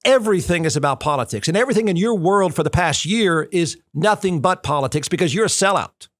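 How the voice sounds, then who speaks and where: A man's voice: high-pitched, lively intonation, fast, fairly bright tone, no room sound, studio quality. A male talk show host giving snarky, combative political commentary, hammering his points with repetition. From United States. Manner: snarky, combative, repeats phrases for emphasis.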